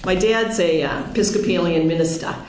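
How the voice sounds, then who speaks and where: A woman's voice: lowish voice, fairly quick, a little hiss or hum. Earnest Boston-accented woman, echoey hall. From Pennsylvania. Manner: earnest, storytelling, lively quoted dialogue. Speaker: guest speaker. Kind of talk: personal talk to a congregation.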